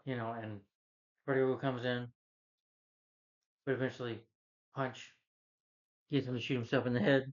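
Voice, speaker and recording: A man's voice: medium pitch, little pitch movement, normal speed, pauses often, lo-fi sound. A man casually recapping a film as a reviewer, rambling with lots of "you know" and "like". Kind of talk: casual spoken movie recap.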